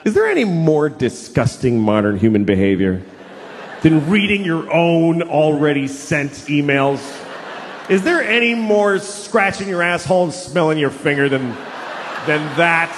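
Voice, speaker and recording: A man doing a stand-up comedy routine with an animated, profane, exasperated delivery. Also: fairly high pitch, measured pace, a little hiss or hum. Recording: reverberant hall, faint ambience.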